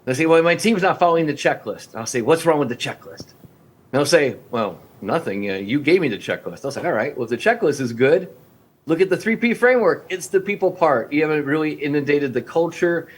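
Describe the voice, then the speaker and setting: Man, 50s, podcast guest coaching restaurant owners; lively talker who acts out client calls, voice sits a bit high. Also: fairly quick, husky. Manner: energetic, acts out phone-call dialogues with clients.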